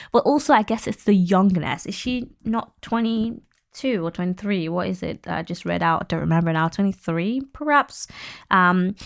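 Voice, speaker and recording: A woman's voice: medium pitch, no room sound, clean studio sound. A young woman hosting a podcast, giving frank, opinionated commentary in a chatty way, laughing often and using lots of fillers. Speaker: podcast host.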